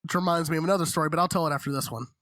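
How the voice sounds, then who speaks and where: A man's voice: on the high side, very fast, fairly bright tone, no echo, studio quality. A man on a podcast cutting in with teasing, profane remarks. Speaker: podcast co-host. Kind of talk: casual chat.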